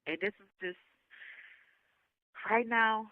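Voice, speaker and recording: A woman speaks in an impassioned, rallying way, her voice close to tears as she repeats her calls to stand together. She takes her time, slow and deliberate. The recording is dry and dull, like a lo-fi phone capture. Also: a little high, fairly even intonation, no room sound. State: emotional, near tears. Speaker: survivor giving a testimonial. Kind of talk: emotional spoken message.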